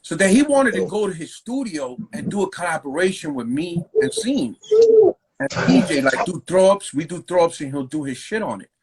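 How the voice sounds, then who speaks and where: A graffiti writer telling stories in a loose, profane, slang-heavy way during a casual interview. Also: male voice, a little high, sing-song, normal speed, a little hiss or hum, low-quality recording. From New York.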